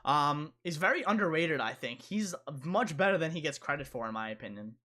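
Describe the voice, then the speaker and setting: A man's voice: a little high, animated, brisk, pushed and bright. A young man hosting a casual live stream, rambling and repeating himself as he answers chat.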